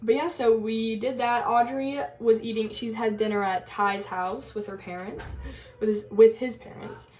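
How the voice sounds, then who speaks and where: A woman's voice: fairly high pitch, fairly even intonation, normal speed, darkish tone. A young woman telling a story in a casual college vlog, chatty and giggly, full of fillers and quoted asides. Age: young adult. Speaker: college vlogger.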